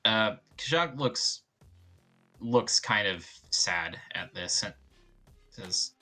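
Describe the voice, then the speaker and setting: A man narrating his character in a tabletop role-playing game, soft-spoken and hesitant with frequent restarts. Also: lowish voice, expressive, slow, soft background music. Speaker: player.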